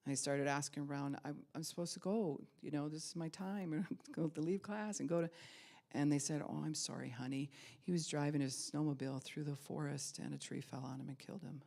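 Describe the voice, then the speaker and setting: Low-voiced woman pastor preaching. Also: gravelly. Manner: dynamic storytelling, swinging from loud emphasis to hushed whispers. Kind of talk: sermon.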